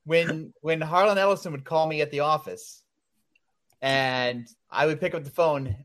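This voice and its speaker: Male guest, slightly high voice, blunt straight-talking storyteller who chuckles. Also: moderate pace, a bit bright. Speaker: comics publisher guest. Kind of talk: casual chat.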